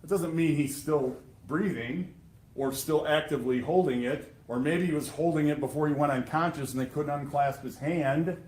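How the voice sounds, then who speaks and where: A man delivers a prosecutor's closing argument with pointed sarcasm and emphatic repetition. His voice sits a little high for a man. The sound carries the roomy echo of a courtroom. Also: normal speed, darkish tone. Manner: emphatic and sarcastic, addressing jurors.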